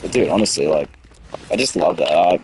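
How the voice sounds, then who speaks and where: A man's voice: deep voice, expressive, a little fast, a little mellow, slight background noise, poor audio. A young man in his late teens with an Australian accent, chatting on a stream, rambling and heated, with lots of restarts and swearing. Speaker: gaming streamer. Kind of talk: casual stream chat.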